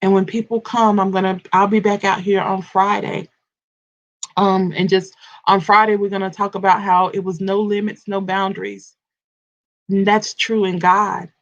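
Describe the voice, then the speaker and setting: A woman's voice: medium pitch, little pitch movement, moderate pace, dull audio. A woman coaching and ministering in a live morning devotional, addressing her listeners directly, with repetition and stammered restarts.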